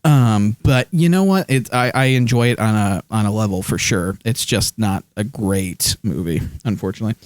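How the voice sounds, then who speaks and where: A man's voice: on the low side, moderate pace, hardly any pauses, no echo. A man streaming live, chatting casually about his movie collection with lots of ums and restarts, close to his desk microphone. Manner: rambling, many fillers, reads chat aloud.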